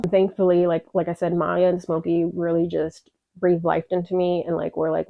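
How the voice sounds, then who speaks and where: A young Chicago woman vlogs her story openly, with emotion, profanity, rambling, and lots of fillers. Her fairly low voice has vocal fry and little pitch movement at a normal speed, and the recording is dry, dull, and lo-fi.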